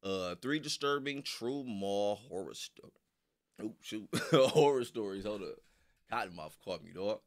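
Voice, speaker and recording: A man's voice: lowish voice, lively intonation, unhurried. A man hosting a live stream in casual chat, laid-back and slangy, reading viewers' messages aloud.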